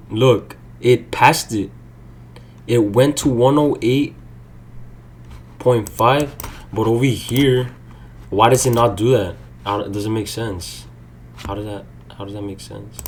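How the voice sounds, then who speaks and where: A man's voice: lowish voice, unhurried, a little hiss or hum. Frustrated young man ranting while trading. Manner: frustrated, swearing, swings from mutters to shouts. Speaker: day-trading vlogger. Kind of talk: live streaming commentary.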